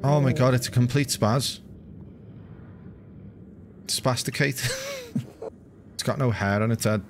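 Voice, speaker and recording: A man live-streaming a game, commenting in a crude, joking way with excitable outbursts. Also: medium pitch, takes it slowly, background noise.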